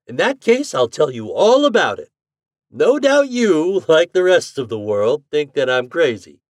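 A man reading an audiobook voices a cheerful, eccentric scientist who lectures with drawn-out emphatic stresses. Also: fairly high pitch, sing-song, a little mellow, dry recording, clean studio sound, pitched above the performer's own voice. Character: eccentric male scientist, cheerful self-declared mad genius.

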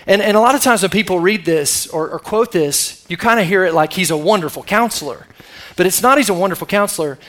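Middle-aged pastor guy preaching, fairly high voice, chatty, gets the crowd to answer. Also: a bit bright. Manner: conversational, calls on the congregation for responses. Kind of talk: sermon.

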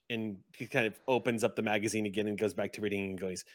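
A man as game master, narrating scenes vividly in a relaxed way with crude humor. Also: lowish voice, fast, few pauses.

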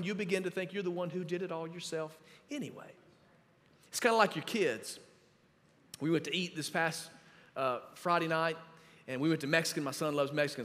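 With a voice on the high side and a fairly bright tone, a man preaches as pastor in a church full of echoing hall reverb. His manner is emphatic and instructive, and he has the congregation underline verses.

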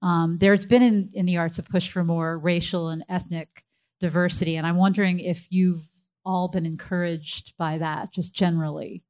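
A woman moderating a panel discussion, asking questions in a measured, polite way. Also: on the low side, fairly even intonation, darkish tone.

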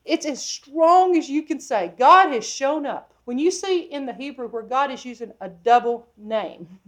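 A high-pitched, expressive woman preacher teaches an expository sermon from the Bible at a slightly slow pace. She is emphatic, often poses questions to her listeners, and shifts between loud and hushed delivery.

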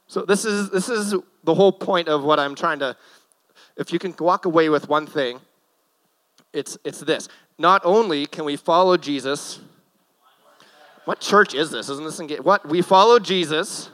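A man's voice: on the high side, moderate pace, fairly bright tone, rough recording. A young man giving a casual, joking sermon from a church stage, with nervous self-deprecating asides. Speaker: guest preacher.

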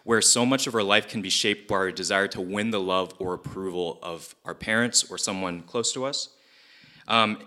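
A man preaching a casual, animated sermon to a youth group, often asking the audience questions. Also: on the low side.

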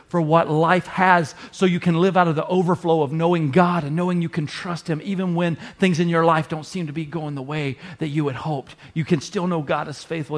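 A man preaching a sermon to his congregation in a conversational, earnest way. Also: on the high side. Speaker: pastor.

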